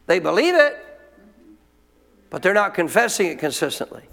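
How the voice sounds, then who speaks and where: A man's voice: high-pitched, very animated, normal speed, vocal fry, fairly bright tone. A man preaching a sermon as pastor, emphatic, driving his points home with rhetorical questions. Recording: long hall reverb.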